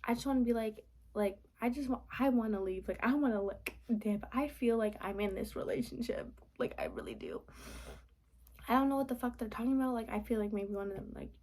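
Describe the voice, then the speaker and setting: A woman's voice: on the high side, sing-song, fairly quick, a little mellow. A young woman venting casually in a late-night vlog from her apartment, rambling with lots of "like" and sometimes dropping to a whisper. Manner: rambling, frequent "like", drops to whispers. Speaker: vlogger.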